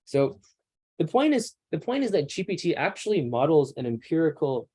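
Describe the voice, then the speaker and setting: Casual, mellow-voiced young male instructor. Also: a little high, big pitch swings, moderate pace, breathy edge. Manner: loose, conversational, many "like"s and restarts. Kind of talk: casual lecture.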